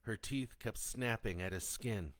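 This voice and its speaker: A man narrating a zombie horror story, reading in a steady, descriptive storytelling manner. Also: fairly low pitch, a little slow, no room sound. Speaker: audiobook narrator.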